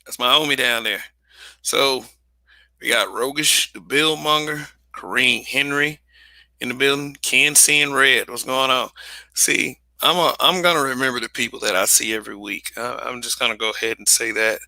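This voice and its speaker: A man's voice: mid-range voice, moderate pace, vocal fry, pushed and bright, no echo. A man hosting a livestream, talking casually and bluntly, swearing, restarting sentences and repeating phrases for emphasis. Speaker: livestream host.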